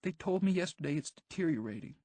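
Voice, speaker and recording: A frightened, quick-tempered teenage girl, put on by a man reading an audiobook, pitched well above his own voice and a little breathy. She talks fast and pleading, with a dry, close sound. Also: animated, dark tone, dry recording. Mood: anxious. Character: anxious, sharp-tongued teenage girl. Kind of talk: audiobook character voice.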